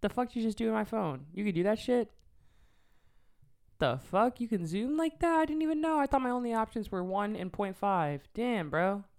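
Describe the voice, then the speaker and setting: A woman co-hosting a podcast in casual chat, swearing freely and telling animated stories. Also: mid-range voice, moderate pace, creaky. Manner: loose, profane, animated storytelling. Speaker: podcast co-host. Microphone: podcast mic.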